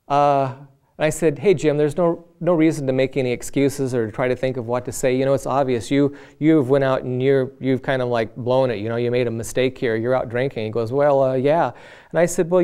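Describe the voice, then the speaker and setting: A man's voice: medium pitch, dark tone, clear, resonant tone. Earnest man telling a testimony. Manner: earnest, conversational, acts out quoted voices. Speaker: lay preacher. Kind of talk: personal testimony storytelling.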